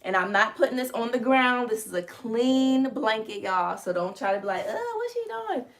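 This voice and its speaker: Chatting live from her living room, a woman with a slightly high voice talks at a normal speed to her viewers. It's a relaxed crafting stream in which she walks them through every step of making merch.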